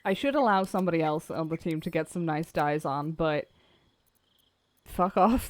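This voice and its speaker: A woman's voice: low voice, normal speed, no echo. A woman streaming a video game, chatting casually, swearing and laughing easily. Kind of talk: casual gameplay commentary. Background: faint game music.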